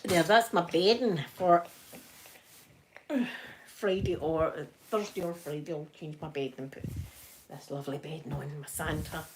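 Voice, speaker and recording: A woman's voice: low-pitched, fairly even intonation, a little slow, a little hiss or hum. A Scottish woman from Scotland hosting a casual ASMR live stream from home while ironing, chatty and often laughing as she talks to viewers. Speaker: ASMR livestream host.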